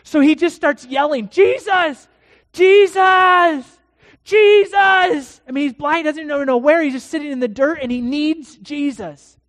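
A pastor delivering a dramatic sermon in a church, swinging from hushed to loud. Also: high-pitched, fairly quick, few pauses, dry recording, in a large hall.

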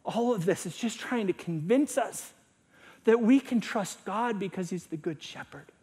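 A middle-aged male pastor preaching a sermon, swinging between loud emphasis and hushed, near-whispered lines. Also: sits high, expressive, measured pace, husky.

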